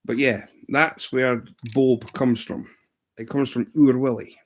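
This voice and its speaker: A Scottish man in his thirties, chatting casually on a livestream and telling a rambling story, with sudden pitch jumps when he mimics other people. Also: steady tone, slow pace. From Scotland. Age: 30s. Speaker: live streamer.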